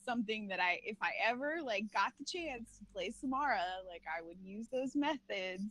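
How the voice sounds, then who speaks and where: A woman's voice: a little high, lively intonation, moderate pace, a bit bright, low-quality recording. A woman chatting as a guest on an interview show, rambling and packing her talk with filler words. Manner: laughs often while talking. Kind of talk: casual chat.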